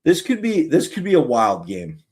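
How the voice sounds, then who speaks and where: A man with a Canadian accent hosting a live sports fan stream, chatting in an excitable, talkative way. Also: medium pitch, normal speed.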